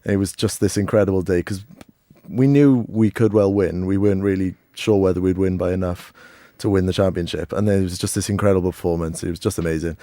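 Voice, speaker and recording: Lowish-voiced young man. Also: fairly even intonation, quick pace, mellow, no echo. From Wales. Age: young adult. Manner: hesitant, rambling, self-deprecating. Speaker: radio guest. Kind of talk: casual chat.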